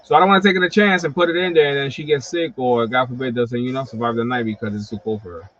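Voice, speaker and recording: A chatty man hosts a wrestling collectibles livestream, telling stories at a quick pace in a medium-pitched voice. His storytelling is animated and profane, full of fillers, in casual chat. The stream audio is slightly dull and lo-fi.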